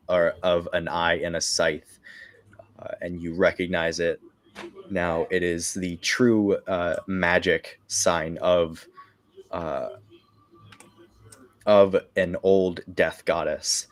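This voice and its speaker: A man narrating a tabletop game as game master, in slow, halting narration full of fillers. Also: low-pitched, level tone.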